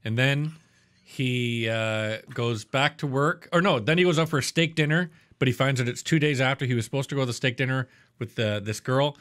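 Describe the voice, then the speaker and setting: A man's voice: mid-range voice, fairly quick, fairly bright tone. A man co-hosting a podcast, casually reviewing a TV episode in a blunt, profane, rambling way. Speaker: podcast co-host.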